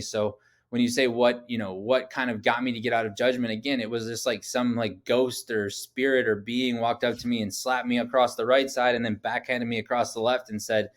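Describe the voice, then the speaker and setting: A man in his thirties, a podcast guest, telling personal stories in a casual interview. He talks in an animated way, often says "like", and acts out quoted dialogue. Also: mid-range voice.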